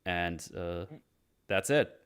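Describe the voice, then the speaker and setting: A man from Germany with a fairly low voice hosts a casual podcast chat. He retells a film scene by scene, jumping into quick put-on voices for the dialogue and swearing freely. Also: animated, a bit bright, smooth. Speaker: podcast host.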